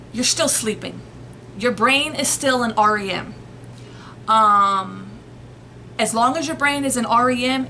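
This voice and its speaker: A woman talks straight to her viewers in a loose, conversational way, circling back and restarting her sentences as she explains. Her voice sits a little high and sounds bright and forward, with a faint hum of room noise behind it. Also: low-quality recording. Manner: rambling, conversational, frequent restarts and analogies. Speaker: host explaining sleep and nightmares. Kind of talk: casual explanatory talk to viewers.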